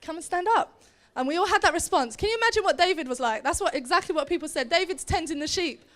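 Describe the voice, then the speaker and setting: A high, lively woman tells a Bible story to a group, acting out each character as she goes. Her pitch swings widely from line to line. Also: fast talker. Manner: animated, acts out characters with put-on voices. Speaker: seminar speaker. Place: meeting hall or seminar room.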